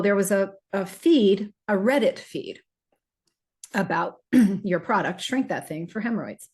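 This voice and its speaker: A middle-aged woman with a somewhat low voice hosts a casual podcast about herbal remedies. She talks in a loose, rambling way, full of ums and restarted sentences, as if chatting with a friend. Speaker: host selling herbal remedies.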